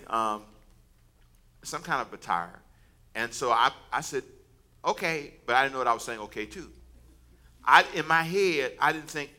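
A pastor preaching a casual, storytelling sermon, joking and conversational with the congregation. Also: male voice, medium pitch. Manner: conversational, animated, self-mocking storyteller.

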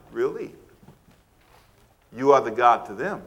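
Bright-voiced preaching man. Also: expressive, measured pace. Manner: preaching with wide swings of pitch and loudness, rhetorical questions; laughs between points, acts out quoted scolding. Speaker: pastor. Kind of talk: sermon.

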